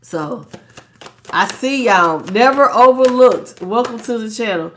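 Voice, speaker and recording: A woman's voice: on the high side, animated, unhurried, fairly bright tone, slight background noise. A stuffed-up woman giving a blunt, preachy live tarot reading, talking in slang and greeting her chat viewers. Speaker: tarot reader.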